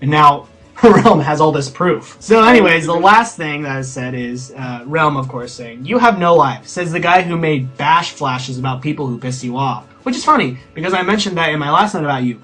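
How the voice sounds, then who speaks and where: Mocking young man with a higher voice. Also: animated, moderate pace, bright, forceful tone, soft background music. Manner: mocking, stammering, incredulous. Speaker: co-host of a ranting video. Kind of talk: mocking ranting commentary.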